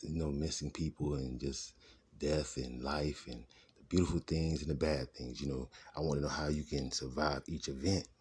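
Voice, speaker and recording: A man's voice: very deep voice, a little mellow, a little hiss or hum. A man telling his life story in a rambling, casual way, drifting off topic and restarting his sentences. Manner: rambling, digressive, restarts often.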